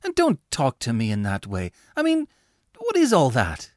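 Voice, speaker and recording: A man reading aloud voices a sharp, impatient young woman who works in a shop, speaking briskly and with exasperation. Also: on the low side, huge pitch swings, no echo, studio quality.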